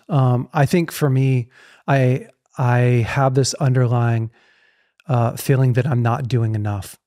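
Guy hosting a podcast, casual, lots of "like" and restarts, gets quick when explaining, dead dry room. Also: mid-range voice, dark tone, dry recording. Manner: thinks aloud with restarts and filler likes, quickens when explaining. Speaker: podcast host. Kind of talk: casual conversation.

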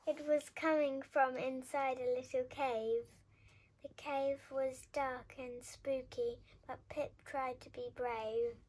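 A woman reading a children's picture book aloud with expressive, lively storytelling. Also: high-pitched, slow. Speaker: storybook reader.

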